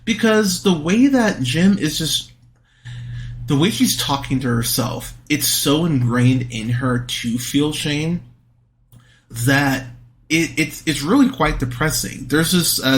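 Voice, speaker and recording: Male podcast host, mid-pitch voice, blunt, foul-mouthed, exasperated film-review monologue. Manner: blunt, swears freely, exasperated outbursts.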